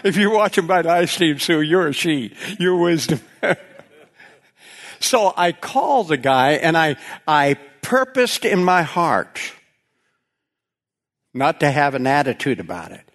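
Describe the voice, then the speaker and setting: A man preaching, telling a folksy personal story with frequent laughter and animated retelling. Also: on the high side, a little slow, pauses often. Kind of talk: storytelling sermon.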